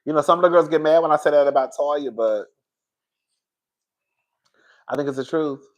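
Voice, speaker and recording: A man giving a sassy, animated live-stream review, reading chat as he goes, calling viewers "girl", laughing often and swearing freely. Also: a little high, normal speed. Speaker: reality TV show reviewer.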